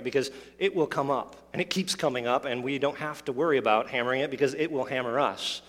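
A man's voice: medium pitch, fast, few pauses, fairly bright tone. Preaching man in a reverberant hall. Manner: expository, with rhetorical questions and asides. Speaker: pastor. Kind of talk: sermon.

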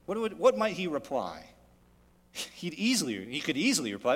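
A man's voice: very animated, moderate pace, slightly rough. Preaching man in a reverberant hall. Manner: dynamic preaching with sharp swings in loudness and pitch. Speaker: pastor. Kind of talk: sermon. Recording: long reverb of a large hall.

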